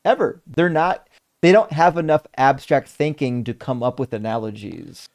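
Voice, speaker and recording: Gravelly, profane live-stream host. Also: male voice, mid-range voice, moderate pace. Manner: animated, profane, sarcastic. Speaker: debate stream host reading super chats. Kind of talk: casual live-stream chat.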